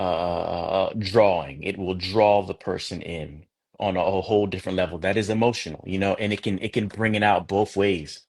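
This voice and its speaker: A man speaking as a guest poet in a casual interview, reflective and conversational, often restarting his sentences. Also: low-pitched.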